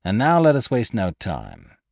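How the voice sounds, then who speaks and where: A man voicing a menacing, misshapen male clerk turned crook, with gruff, mocking threats. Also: on the low side, huge pitch swings, measured pace, darkish tone, no room sound, clean studio sound, heavily acted.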